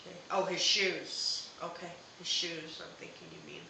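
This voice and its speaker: A woman's voice: lowish voice, flat delivery, moderate pace, pushed and bright, very echoey, slight background noise, poor audio. A woman hosting a live psychic reading, talking hesitantly with many fillers and restarts. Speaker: psychic medium host.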